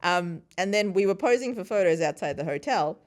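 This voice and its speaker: This podcast guest, who is also a host and interview guest, is a woman in her thirties from a Sri Lankan family. Her pitch is fairly low and her pace brisk as she chats and spins casual stories, laughing a lot and animatedly performing what others said.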